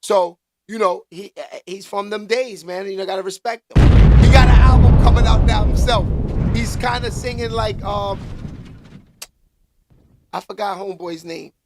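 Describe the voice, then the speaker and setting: Man, vlog host, casual commentary, slangy, emphatic, high voice. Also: normal speed, darkish tone, a little hiss or hum. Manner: slangy, emphatic, repeats catchphrases.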